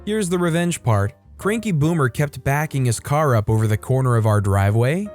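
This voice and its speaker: A man's voice: medium pitch, expressive, fairly quick, darkish tone, soft background music. Man narrating online stories. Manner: wry, commenting between stories. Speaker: story narrator.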